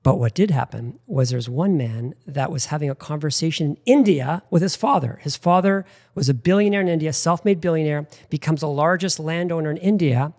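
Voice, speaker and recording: A middle-aged man hosting a talk show, telling personal stories in a lively, anecdotal way with lots of "like" fillers. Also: a little high, brisk, hardly any pauses. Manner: animated anecdotal storyteller with frequent "like". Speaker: podcast host. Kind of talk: casual interview storytelling.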